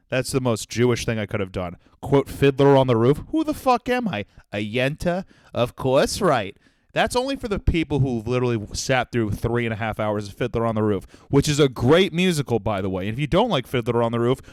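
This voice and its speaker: A man's voice: mid-range voice, clean tone, no room sound, studio quality. A young man hosting his own comedy podcast alone, swearing freely and swinging from jokes to sincere, self-deprecating reflection. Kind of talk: solo comedic monologue.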